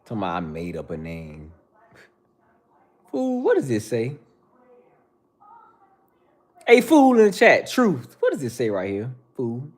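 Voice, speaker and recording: A man's voice: medium pitch, huge pitch swings, a little slow. A man in his thirties hosting a livestream, bluntly lecturing viewers in the chat with repetitive slang. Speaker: livestream host. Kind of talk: casual livestream rant.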